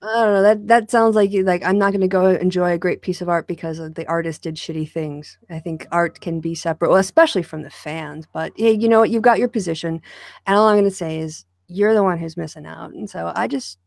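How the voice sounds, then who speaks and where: A woman's voice: fairly low pitch, steady tone, brisk, creaky, a little mellow, dry recording. Dry-sounding teasing woman host. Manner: teasing, laughs often. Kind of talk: casual podcast chat.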